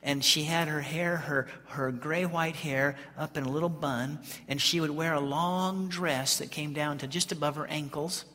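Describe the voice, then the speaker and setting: A man from Colorado, a pastor telling a folksy story in a sermon, animated and lively. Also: fairly high pitch, moderate pace, hardly any pauses, long reverb tail.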